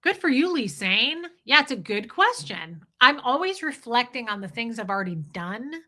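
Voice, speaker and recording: A woman's voice: fairly high pitch, big pitch swings, moderate pace, bright, forceful tone. A woman hosting a live stream in casual chat, rambling and greeting viewers between her thoughts.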